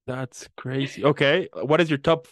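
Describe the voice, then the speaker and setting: Dry-voiced host, halting questions. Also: male voice, medium pitch, a bit bright, no echo. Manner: short reactions, halting questions. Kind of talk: casual interview.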